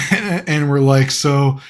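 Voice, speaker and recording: A man's voice: mid-range voice, slow pace. A young man streaming live, telling a story casually and laughing often through it.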